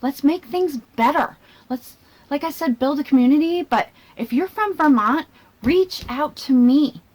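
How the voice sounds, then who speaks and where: A woman vlogger talking to her laptop camera in a rambling, self-mocking way, thinking out loud and jumping between tangents. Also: high-pitched, unhurried. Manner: chatty and self-mocking, laughs between phrases. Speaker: vlogger and channel host. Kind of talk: casual talking-to-camera commentary.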